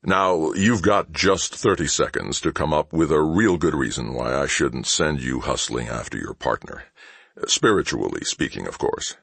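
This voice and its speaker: A man voicing a calm, menacing male shipmaster who makes dryly mocking threats in a conversational tone. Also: a bass voice, moderate pace, creaky, slightly rough, dry recording, full character voice. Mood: calm menace. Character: cool, menacing male shipmaster, sardonic and unhurried. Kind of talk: audiobook character voice.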